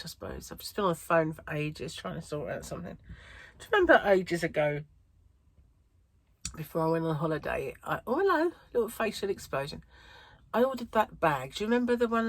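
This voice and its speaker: A woman's voice: mid-range voice, expressive, fairly quick, no room sound. A woman from the United Kingdom, a crochet vlogger, chatting casually to her viewers in a rambling way with many fillers and frequent laughs. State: a bit out of breath. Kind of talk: casual chat to camera.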